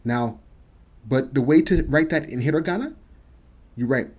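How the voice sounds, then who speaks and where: A man giving a casual video lesson, patiently repeating each word slowly for practice. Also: medium pitch, animated, darkish tone, husky. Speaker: Japanese teacher.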